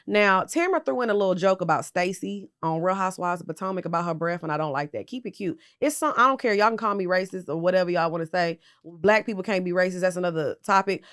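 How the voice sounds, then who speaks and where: A woman's voice: on the low side, fast, hardly any pauses, fairly bright tone, clean tone. A tipsy woman hosting a casual pop culture gossip show, talking bluntly and sassily to her viewers and swearing freely. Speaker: pop culture commentary host.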